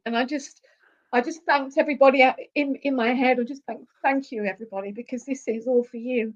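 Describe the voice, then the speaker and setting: A woman's voice: sits high, steady tone, a little fast, highs cut off. A woman guest on a podcast, speaking with heartfelt emotion and often repeating herself when moved. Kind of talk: emotional interview conversation.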